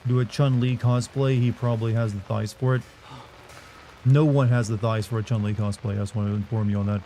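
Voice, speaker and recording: A man's voice: fairly low pitch, little pitch movement, fairly quick, mellow, slight background noise. Joking man streaming gameplay. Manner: jokey, chatting with chat, trying out silly voices. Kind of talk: live gameplay commentary.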